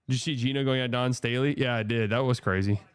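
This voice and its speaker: A man's voice: mid-range voice, steady tone, fast, smooth, no room sound. A young man hosting a live stream watch party, chatting and joking casually with viewers.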